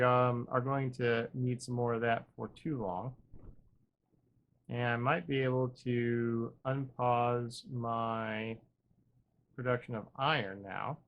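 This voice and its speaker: A man's voice: medium pitch, dull audio. Man muttering wry gameplay commentary. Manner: self-deprecating, thinks aloud with wry humor. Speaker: gaming channel host.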